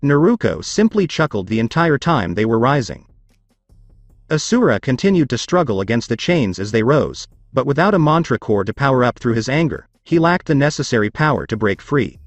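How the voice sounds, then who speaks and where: Male narrator for a scripted story read, lively, steady, dry close mic. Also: mid-range voice, fairly quick, no echo, faint music behind.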